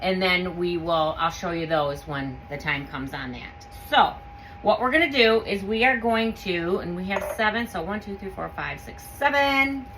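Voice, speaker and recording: A woman hosting a home canning video, chatting casually through a how-to demonstration in her kitchen and gushing with excitement as she works. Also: fairly low pitch, moderate pace, slight background noise, rough recording. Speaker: home canning channel host.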